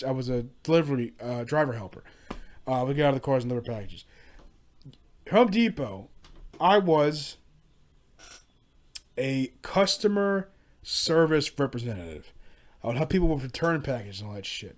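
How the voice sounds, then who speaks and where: A man telling casual stories about past jobs, rambling and profane, with frequent restarts. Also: fairly high pitch. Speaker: podcast host. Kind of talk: casual solo storytelling rant.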